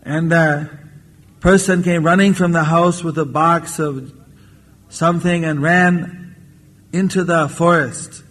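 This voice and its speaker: Slow-paced man telling a moral tale. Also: fairly high pitch, fairly even intonation, a bit bright. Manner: unhurried storyteller who acts out the characters. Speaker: spiritual lecturer. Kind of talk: storytelling sermon. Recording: 1994 lecture tape with long hall reverb.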